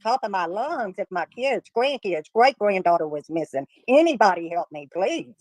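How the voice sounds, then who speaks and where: A woman's voice: mid-range voice, expressive, normal speed, a little mellow, dry recording. A woman in her sixties with a Louisiana Southern accent, chatting on a livestream panel in a folksy, earnest way. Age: 60s. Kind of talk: casual chat.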